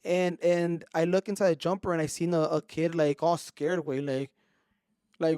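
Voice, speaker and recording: A man's voice: high-pitched, brisk, a little mellow, clear, resonant tone, dry recording, clean studio sound. A young man telling a story on a podcast, casual and profane, switching between Spanish and English slang. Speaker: podcast co-host.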